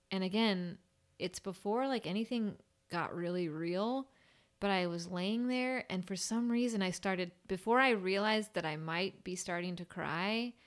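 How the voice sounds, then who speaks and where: Speaking at a medium pitch, a young woman chats candidly about her work as a burn-unit nurse. The conversation is casual, and she rambles, sprinkling in plenty of "like."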